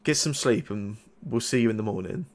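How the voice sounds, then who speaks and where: A man voicing a kind father who says goodnight to his son in a quiet, halting way. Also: medium pitch, lightly acted. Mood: gentle.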